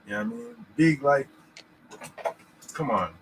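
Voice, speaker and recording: A man's voice: on the high side, sing-song, measured pace, gravelly, a bit bright, a little hiss or hum, poor audio. A man co-hosting a casual podcast about scripture, rambling and checking in with "you know what I'm saying". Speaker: podcast host.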